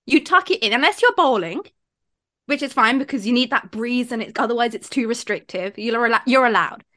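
Woman, from India, podcast co-host, opinionated, enthusiastic, sharp tone. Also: on the high side, expressive, fairly quick. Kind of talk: casual podcast chat.

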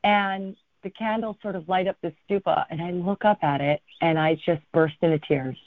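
A woman, a guest in an interview, telling a travel story in an animated way and acting out what people said. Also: fairly low pitch, normal speed, no room sound. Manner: animated storyteller, acts out quotes. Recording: thin phone-like line, dry.

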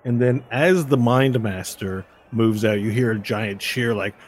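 A man's voice: on the low side, measured pace. Man narrating as game master. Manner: loose, meandering narration.

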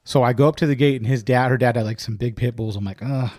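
A man's voice: mid-range voice, fast, darkish tone, dry recording, clean studio sound. Laid-back man in his forties saying dude. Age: 40s. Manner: laid-back, calls everyone dude, swears freely. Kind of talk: casual chat.

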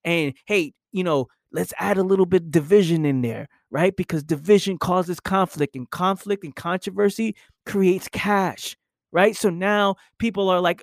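A man's voice: sits high, moderate pace, no room sound, studio quality. A young man hosting a solo podcast, talking casually and reflectively, with "right?" tagged onto his points. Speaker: podcast host.

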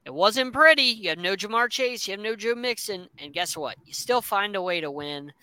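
A man's voice: high voice, animated, normal speed, pushed and bright, clear, resonant tone. A man co-hosting a sports talk show, chatting casually and opinionated about football teams. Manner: enthusiastic, opinionated, rambling.

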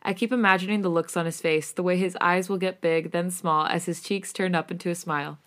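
A woman podcast host reading romantic fan fiction aloud. Her voice sits on the low side, and the reading is casual, animated, and now and then giggly. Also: fairly quick.

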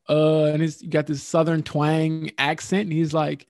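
A man recounting locker-room interviews as a sports reporter, in casual podcast talk with an animated storytelling manner. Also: on the high side, a little slow, hardly any pauses, no room sound, studio quality.

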